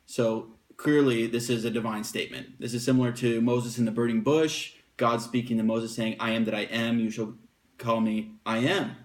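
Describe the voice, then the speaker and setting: Guy casually teaching bible stuff, mid pitch, lots of ums, reads verses slow. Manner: relaxed, unscripted explaining with fillers, slows down to read verses aloud.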